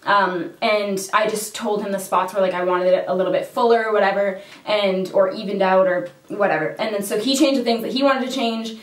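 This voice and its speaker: A woman's voice: medium pitch, fairly even intonation, a little fast, few pauses. A woman telling a story to camera in a casual vlog, swearing freely, laughing often and retelling things dramatically. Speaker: makeup vlogger. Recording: roomy echo, mic at a distance.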